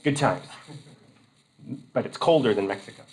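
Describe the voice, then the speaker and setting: A man's voice: mid-range voice, expressive, normal speed, darkish tone, slight background noise, poor audio. A man from Vermont giving a casual college lecture, rambling with jokey asides.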